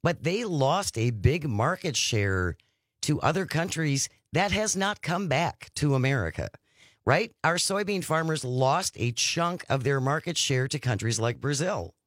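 A man hosting a radio interview who makes his points emphatically and spells them out slowly. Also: on the high side, lively intonation, a bit bright, no echo, studio quality. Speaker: radio show host.

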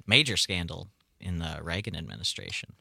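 Bright young man on morning radio. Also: deep voice, sing-song, a little fast, vocal fry, breathy edge, no room sound, clean studio sound. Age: young adult. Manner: curious, asks questions, laughs easily. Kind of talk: casual morning radio chat. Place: radio studio. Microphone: studio microphone.

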